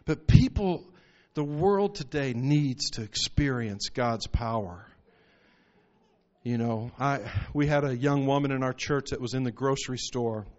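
A man's voice: mid-range voice, a little slow, darkish tone. A man preaching a sermon, telling stories and rising into emphatic bursts. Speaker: pastor. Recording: muffled lo-fi recording.

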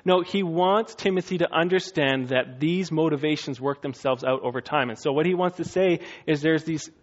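Pastor, man, slightly high voice. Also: moderate pace, muffled recording. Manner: conversational, acts out quotes with funny voices. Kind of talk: sermon.

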